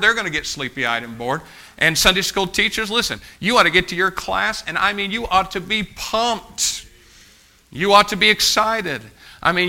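A man's voice: high-pitched, pushed and bright. A man preaching a sermon as pastor, urging and exhorting his congregation with fervent repetition.

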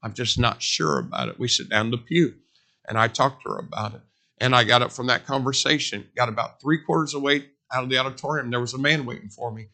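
Bright-voiced male preacher, conversational and emphatic. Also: mid-range voice, steady tone, quick pace. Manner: conversational storytelling with emphatic repetition. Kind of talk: sermon.

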